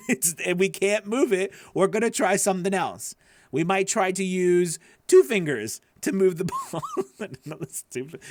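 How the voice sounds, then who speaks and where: A man's voice: high-pitched, no room sound. A man coaching voice actors on a live stream, playful, laughing often and acting out silly quotes. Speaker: voice-over coach.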